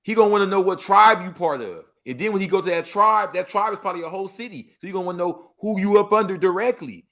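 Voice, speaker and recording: A man with a Los Angeles accent and a slightly high voice, talking as a guest in a casual interview. He acts out the people he quotes and leans hard on slang. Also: fast, hardly any pauses. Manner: animated, acts out quoted street talk, heavy slang. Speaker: podcast guest.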